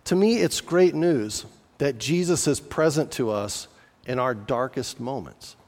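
A man's voice: mid-range voice, expressive, a little slow, a little mellow. A man preaching a sermon as a pastor in a conversational way, with restarts and casual asides. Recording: long reverb of a large hall.

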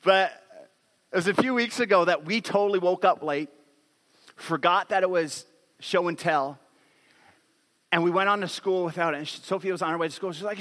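A man in his thirties preaching a sermon on stage, telling a family story with lively acted-out quotes. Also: fairly high pitch, moderate pace, long pauses, big-room sound. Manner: animated storytelling, acts out quotes. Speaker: pastor.

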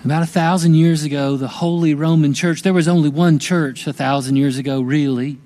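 A man preaching a sermon as pastor, slow, gentle and reflective, with long pauses. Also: on the high side, steady tone, rough recording.

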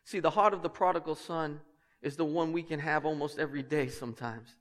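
A man's voice: steady tone, brisk, a bit bright. A man preaching a sermon as pastor, passionate and emphatic, with conversational asides to his congregation. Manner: passionate, emphatic preaching that climbs in pitch and volume. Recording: long hall reverb.

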